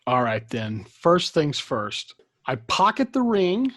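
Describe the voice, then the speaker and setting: Upbeat guy playing a tabletop game, higher voice, dry close sound. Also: sing-song, slow, a bit bright, dry recording. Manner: cheerful, talks through his actions. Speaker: player.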